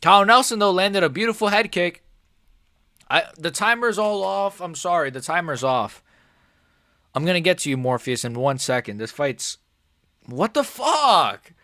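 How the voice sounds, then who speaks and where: A young man streaming a live MMA reaction, excitable and swearing, calling everyone "bro" and swinging between shouted outrage and quiet muttering. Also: high-pitched, moderate pace, no echo, clean studio sound. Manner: excitable, swears a lot, says "bro" often. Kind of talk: live fight reaction commentary.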